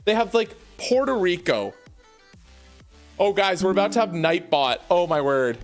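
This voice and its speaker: Young male streamer, lively rising voice, casual hype host from home. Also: high voice, measured pace, faint music behind. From Canada. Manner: hyped, talks to chat, calls viewers baby and y'all. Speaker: livestream host. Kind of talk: casual livestream chat. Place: home basement room.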